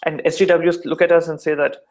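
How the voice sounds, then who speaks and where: Young indian guy, fairly high voice, lively casual chat, keeps doing little mock voices. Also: fairly quick. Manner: animated, does mock voices to make points. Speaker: discussion participant.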